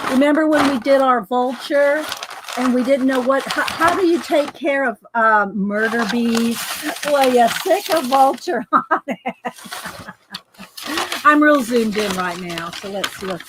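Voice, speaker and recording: Against a noisy background, a slightly high-voiced woman from the American South chats through a casual morning art live stream. She greets viewers by name and laughs often, broadcasting from her home studio with the windows open.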